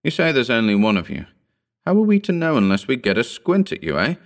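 A man voicing a blunt, wary fisherman on a schooner who talks in gruff sailor's speech. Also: mid-range voice, wildly swooping pitch, a little fast, pitched above the performer's own voice.

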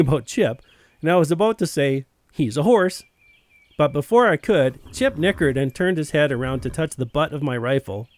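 A man's voice: a little high, no echo. A man telling a first-person story in a plain, wry narrating voice.

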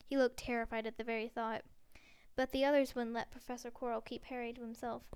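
High, clear woman reading a novel aloud. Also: level tone, fast, a little mellow. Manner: stumbles and repeats words now and then. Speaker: reader.

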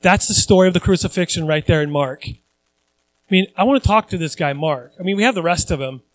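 High-voiced male pastor preaching conversationally. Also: fast talker, low-quality recording. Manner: conversational preaching with repeated phrases for emphasis; acts out voices of people he quotes. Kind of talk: sermon.

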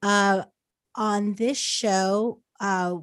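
A woman's voice: mid-range voice, fairly even intonation, extremely slow, no echo. A woman hosting a pop culture podcast, chatting casually with lots of "um" and "like". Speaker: podcast host. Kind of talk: casual chat.

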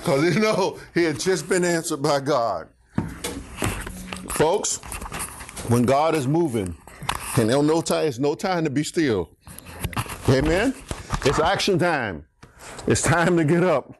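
A man preaching with a high, animated voice that swoops up and down. He takes his time, drawing out words, then pushes up into emphatic shouts and bantering asides to the congregation. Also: slow, pauses often, noisy background. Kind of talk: sermon.

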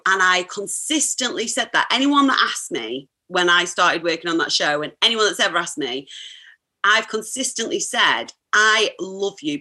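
A woman, chatting as a podcast guest, effusive and quick to laugh. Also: on the low side, sharp tone. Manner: effusive, laughs often, talks in quick restarts. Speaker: podcast guest, sports presenter. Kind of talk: casual chat.

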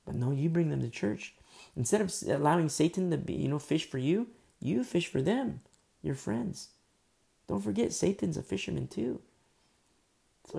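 A man preaches in an easygoing, conversational way, leaning on fillers and often sinking to a quiet murmur. His voice is heavily gravelly with a lot of fry and a dark, mellow tone. It sounds like a casual church message. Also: a little high, animated, moderate pace, long pauses. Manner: informal, many fillers, drops to soft murmurs. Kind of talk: conversational sermon.

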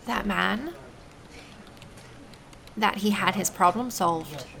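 A woman's voice: medium pitch, slow pace, creaky, a bit bright. A woman voicing a shy young female trainee with an Irish accent, timid and hesitant.

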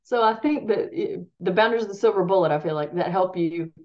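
A woman's voice: lowish voice, quick pace, a little mellow. A woman parenting coach talking casually in an interview, rambling and restarting her sentences and laughing at herself. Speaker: parenting coach and podcast guest. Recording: dull lo-fi sound.

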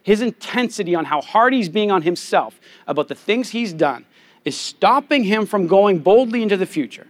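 A man's voice: high-pitched, animated, normal speed. A young adult man, a pastor, preaching a conversational sermon and telling candid personal stories.

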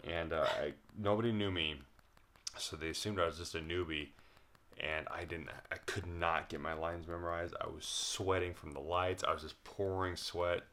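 Deep-voiced man telling a loose story. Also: steady tone, moderate pace, a bit bright. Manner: loose storytelling, laughing, swearing. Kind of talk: casual chat.

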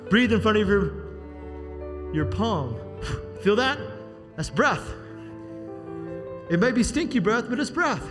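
A male pastor preaching a sermon in a church, shouting and calling out for amens from the congregation. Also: high-pitched, expressive, slow, long pauses. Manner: shouting, call-and-response "amen?". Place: church sanctuary. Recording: reverberant hall with music.

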